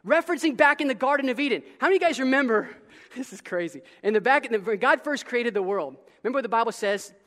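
A pastor preaches to his congregation, animated and conversational, often breaking off to restart a sentence or throw in a casual aside. His voice carries the long, ringing reverb of a large church hall. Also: very high-pitched, fast talker. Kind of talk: sermon. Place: church sanctuary.

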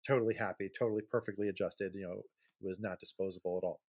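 A man co-hosting a podcast in casual chat, rambling through points with quick asides. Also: fairly even intonation, a little mellow, breathy edge. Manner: hammy mock-sales pitch in plugs. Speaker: podcast co-host.

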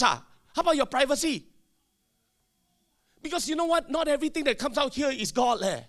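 Male pastor; high and highly animated, preaching with loud emphatic bursts. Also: fairly quick, pauses often. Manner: emphatic preaching with sudden shouted bursts and call-and-response. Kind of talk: sermon.

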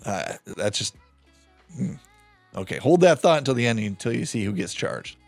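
A man hosting a podcast, retelling a true-crime case in a loose, animated, profane way. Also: medium pitch, moderate pace, gravelly, no room sound, faint music behind. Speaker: podcast host. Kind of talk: casual true-crime storytelling.

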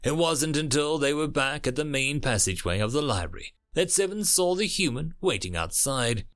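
A man narrates a dramatic story in a lively, animated voice, its pitch rising and falling a great deal. He reads steadily and expressively at a moderate pace, like an audiobook.

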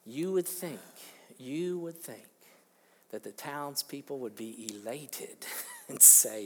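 Man, pastor, husky voice, emphatic sermon delivery, long church reverb. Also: mid-range voice, slow pace. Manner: emphatic preaching with sudden swings in loudness and rhetorical questions. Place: church sanctuary.

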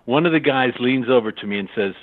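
Older male voice actor from California, animated storyteller who slips into other people's voices; heard through a thin, phone-like line. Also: mid-range voice, fast. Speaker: voice actor guest. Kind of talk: anecdotal storytelling. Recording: tinny phone-line sound.

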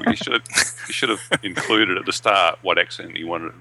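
A man's voice: sits low, normal speed, vocal fry, background noise. A man co-hosting a casual gaming podcast, making wry jokes and reading an email. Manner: joking, wry. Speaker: podcast co-host. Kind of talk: casual chat.

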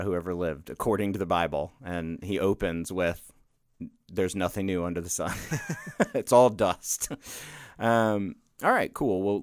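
A man co-hosting a casual podcast discussion, speaking in a thoughtful, agreeable way with quick asides. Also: low voice, clear, resonant tone, no room sound, clean studio sound. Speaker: podcast co-host.

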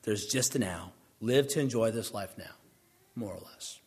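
A man's voice: lowish voice, normal speed, slightly rough. A man preaching a sermon in a conversational way, with dry, sardonic asides. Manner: conversational, sardonic asides, puts on mocking voices for questioners.

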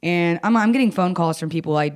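A young woman telling a personal story in casual conversation, blunt and swearing, acting out quoted lines with jumps in pitch. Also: fast talker. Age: young adult. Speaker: guest.

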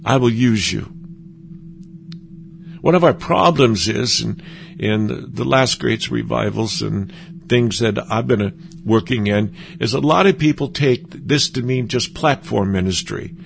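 Gravelly-voiced preacher guy, earnest, keeps restarting his sentences, faint room hum behind. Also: medium pitch. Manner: earnest, halting with frequent restarts. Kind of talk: conversational sermon.

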